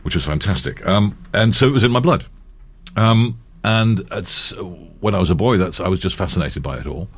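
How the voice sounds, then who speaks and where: This older man, an actor and voiceover artist, chats casually as an interview guest, laughing easily and restarting often as his anecdotes ramble on. His voice is fairly low with lively intonation, a breathy edge, and a normal pace.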